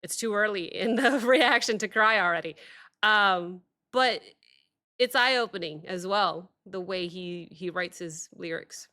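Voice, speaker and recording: A woman hosting a music reaction video, talking reflectively in a halting way with many pauses and fillers. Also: mid-range voice, pushed and bright. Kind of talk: casual reaction commentary.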